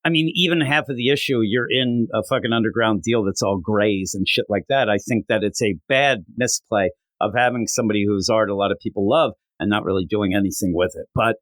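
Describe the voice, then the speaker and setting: A man's voice: on the low side, brisk, few pauses, no room sound. A man co-hosting a comic book podcast in a rambling, casual chat that is full of swearing. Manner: rambling, swears a lot, lively. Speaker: podcast co-host.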